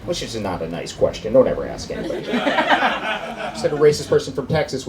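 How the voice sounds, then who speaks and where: Lively stand-up comic, man. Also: mid-range voice, fast, background noise. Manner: animated, puts on voices and accents for bits. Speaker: stand-up comedian. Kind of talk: stand-up comedy set. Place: comedy club stage. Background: faint crowd laughter.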